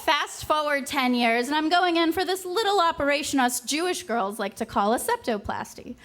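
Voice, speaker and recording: Woman in her twenties, stage storyteller; high-pitched, wry, punchy comic delivery. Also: animated, normal speed, a bit bright, slight background noise.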